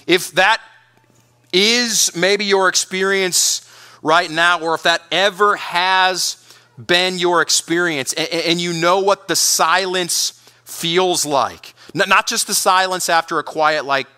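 Earnest bright-voiced male pastor preaching. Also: sits high, steady tone, takes it slowly, smooth. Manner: earnest, with frequent repeated words and restarts. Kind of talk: sermon.

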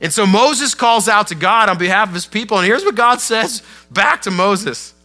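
A man preaching to his congregation in a conversational, animated storytelling way, with casual asides. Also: high voice, normal speed, faint music behind. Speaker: pastor. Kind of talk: sermon.

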